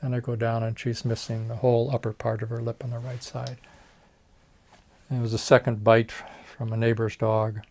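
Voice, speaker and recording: A man's voice: medium pitch, monotone, moderate pace, gravelly, darkish tone. An older man, a retired plastic surgeon, telling folksy stories in an oral history interview and acting out the voices of people he quotes.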